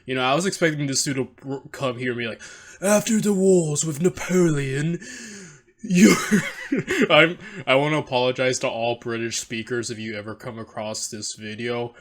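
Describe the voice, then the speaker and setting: A man reacts to a video in loose, rambling commentary, poking fun at himself and tripping over his words. His voice sits at an ordinary middle pitch. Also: steady tone, fast, few pauses, fairly bright tone. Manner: rambling, self-deprecating, frequent restarts and laughs.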